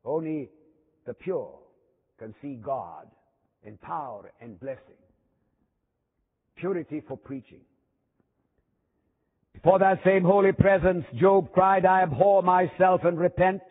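A man preaching with a high, husky voice, leaning hard on key words and then falling to a near hush. His sermon rings out through a chapel with a long reverb tail. The sound comes through thin and narrow, like a phone line. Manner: emphatic preaching with dramatic pauses and drops in volume.

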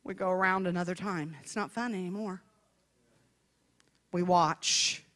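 A woman evangelist telling a folksy, humorous story in a sermon, swinging between hushed asides and shouted preaching. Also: lowish voice, steady tone, a little slow.

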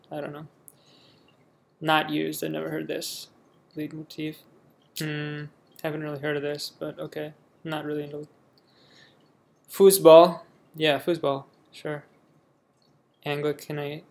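A man's voice: fairly high pitch, creaky. A young man from the United States casually reading a word list aloud and reacting offhandedly in a vlog. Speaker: vlogger.

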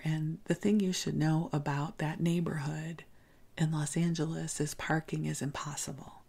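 A woman tells a bedtime story in a hushed, gentle way that often drops into a whisper. Her voice sits low and gravelly. There is a husky edge to it. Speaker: podcast host. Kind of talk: soft-spoken bedtime storytelling.

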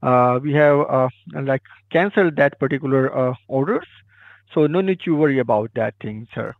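A man on a phone call, hesitant and polite, filling pauses with 'uh' while reassuring. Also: medium pitch, gravelly, dry recording. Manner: hesitant, polite, many fillers. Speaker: phone scammer. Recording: tinny phone line.

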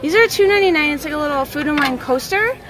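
With lively intonation in a high-pitched voice, a young woman chats through a casual shopping vlog, quickly rattling off prices. Her handheld camera in a large store captures loud store music and crowd noise in a low-quality recording.

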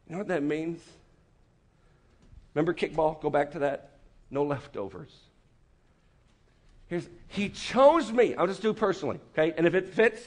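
A man preaching a lively, joking sermon to a student meeting, acting out quick voices as he goes. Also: fairly high pitch. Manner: animated, joking, acts out voices. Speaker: campus ministry speaker. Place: meeting room with an audience.

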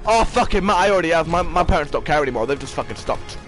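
A man playing a shooter game with a friend, swearing constantly and yelling at enemies. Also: fairly high pitch, expressive, fast, soft background music. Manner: explosive, swearing, yells at enemies. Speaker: gamer streaming with a friend. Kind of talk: profane gameplay rant.

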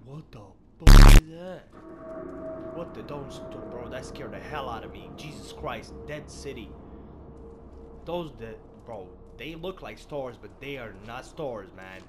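A man giving excitable, foul-mouthed commentary while playing a video game, shouting out in sudden bursts and calling everyone bro. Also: medium pitch, unhurried, heavy background noise. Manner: excitable, swears a lot, sudden loud outbursts; calls viewers and game characters bro and man. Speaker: gaming channel host. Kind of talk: live gameplay commentary. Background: game soundtrack music.

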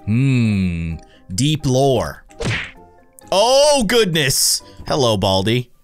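A man in his thirties hosting a let's-play at home, excitably gasping and laughing as he comments on a scary game. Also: mid-range voice, very slow, faint music behind. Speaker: gaming video host. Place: home with his young son nearby.

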